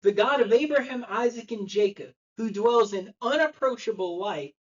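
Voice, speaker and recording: In a church, a man preaches a sermon as a story, acting out the voices of the people in it. His voice sits high and moves at a moderate pace with few pauses, and the recording's highs are cut off.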